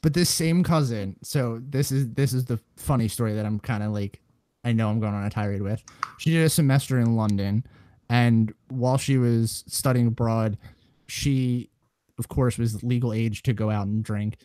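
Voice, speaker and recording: A man's voice: mid-range voice, moderate pace, no echo. A man with a mid-range voice talks casually and rambles through a long anecdote, building energy as he goes. His delivery is loose, full of "like" and restarts. The recording is close and completely dry. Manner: rambling animated storyteller. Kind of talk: casual chat.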